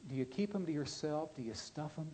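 A man preaching a sermon, reading a story aloud and then speaking plainly to his listeners, earnest and at times dropping his voice low and soft. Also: animated, fairly quick, slight background noise.

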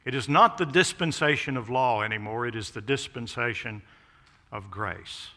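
A man preaching a sermon as pastor of a church, emphatic, swelling loud on key phrases and dropping low on others. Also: normal speed, long reverb tail. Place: church sanctuary.

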